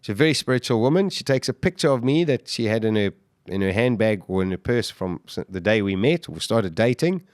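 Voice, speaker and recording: Animated man telling a survival story. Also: lowish voice, fairly quick, no echo, clean studio sound. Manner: animated, with frequent restarts and sudden surges of emphasis. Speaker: podcast guest. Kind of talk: dramatic first-person storytelling.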